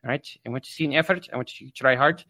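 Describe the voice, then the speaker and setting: A man putting on a cranky old-school professor, bossing a student around in a raised, pushy voice. He is gruff and profane, and he sounds close and dry with no room sound. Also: mid-range voice, rapid-fire, bright, forceful tone, no echo. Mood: bossy. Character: bossy, cranky male professor barking orders. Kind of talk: improvised comic role-play on a livestream.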